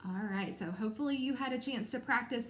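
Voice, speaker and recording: A woman teacher talks young readers through a picture book in a recorded lesson. Her voice sits a little high, and she explains each step clearly and encouragingly. The room around her gives a noticeable echo. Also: fast, a bit bright. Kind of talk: recorded small-group reading lesson.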